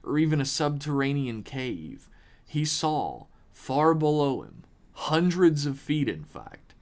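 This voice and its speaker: A man hosting a podcast, reading a horror story aloud with measured, dramatic pauses. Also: a little high, big pitch swings, darkish tone.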